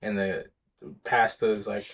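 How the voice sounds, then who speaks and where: A man's voice: lowish voice, flat delivery, measured pace, vocal fry, a bit bright, poor audio. A man co-hosting a casual podcast chat, talking bluntly and profanely with lots of animation. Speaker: podcast co-host.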